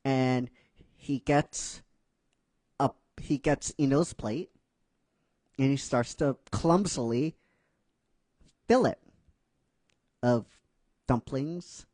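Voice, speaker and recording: A man's voice: medium pitch, very slow, pauses often, a little mellow, no echo. A man casually narrating his own script, rambling and hesitant, with fillers and self-corrections. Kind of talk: casual storytelling.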